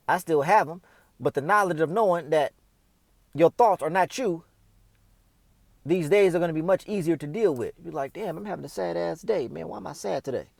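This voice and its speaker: A man's voice: a little high, darkish tone, dry recording. A man giving casual, off-the-cuff spiritual advice, talking straight to the listener in loose slang. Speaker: host.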